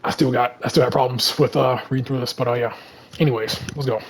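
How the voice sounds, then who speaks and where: Southern man, casual comic breakdown, rambly, fillers, flat monotone delivery. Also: mid-range voice, fast, slight background noise, rough recording. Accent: Southern American. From Alabama. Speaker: comic reader and commentator.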